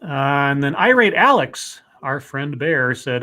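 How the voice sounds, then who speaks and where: A man's voice: mid-range voice, sing-song, a little slow, sharp tone. A man hosting a casual podcast, joking wryly and reading out social media posts. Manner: wry, joking, reads out tweets. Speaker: podcast host. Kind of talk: casual chat.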